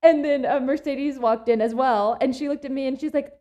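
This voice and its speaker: Animated young woman telling a story. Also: sits high, normal speed, few pauses. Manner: animated storytelling, laughs often. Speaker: labor and delivery nurse sharing her birth story. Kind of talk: casual chat.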